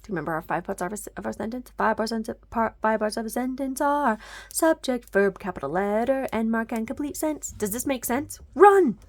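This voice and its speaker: A woman's voice: on the high side, brisk. A woman teaching a grammar lesson at home, patiently explaining step by step and often checking that listeners follow.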